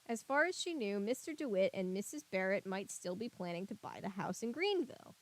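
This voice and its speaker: A woman's voice: mid-range voice, expressive, brisk. A woman reading a children's mystery novel aloud, lifting her voice for the characters' lines and breaking off for chatty, joking asides. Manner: reads dialogue brightly, chatty joking asides. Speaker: reader and commentator. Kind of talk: casual book read-aloud with asides.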